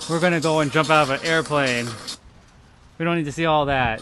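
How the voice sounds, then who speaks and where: Emphatic, casual young man with soft music. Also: a little high, a little fast. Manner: loose, emphatic, repeats himself, swears. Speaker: vlogger. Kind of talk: casual chat over photos.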